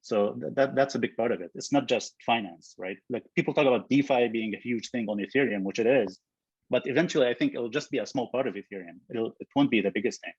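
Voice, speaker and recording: Husky man on a dull call line. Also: medium pitch, fast, no room sound. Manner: thoughtful, many fillers and restarts. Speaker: guest, software co-founder. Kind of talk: casual interview chat.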